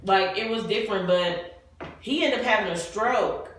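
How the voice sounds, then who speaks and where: A woman co-hosting a podcast, chatting casually in slang and telling stories with animated energy. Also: medium pitch, normal speed, heavy reverb, distant mic, a little hiss or hum. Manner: animated, slangy storytelling with laughs. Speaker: podcast co-host. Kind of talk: casual chat. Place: room with friends at a bar setup.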